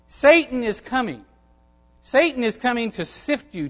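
A man's voice: high voice, sing-song, normal speed, highs cut off. A man preaching a sermon as a pastor, emphatic and repeating phrases for stress.

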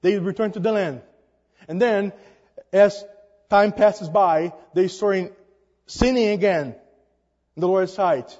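A man preaching a sermon, emphatic and halting, his voice rising on rhetorical questions. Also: high-pitched, darkish tone. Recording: dull sound with long reverb.

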